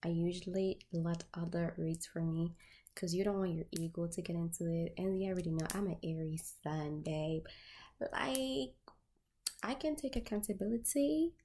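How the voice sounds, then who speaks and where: A woman's voice: fairly low pitch, moderate pace, warm tone. A woman tarot reader chatting casually to her viewers, candid and profane, full of filler words.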